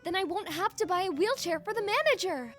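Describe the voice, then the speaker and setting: A melodramatic young theater-kid actress , voiced by a woman, with a very high voice that leaps all over the place. She exclaims and overplays every line, and music runs beneath the parody clip. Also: lively intonation, a little fast, a bit bright. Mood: eager. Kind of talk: fan abridged parody acting.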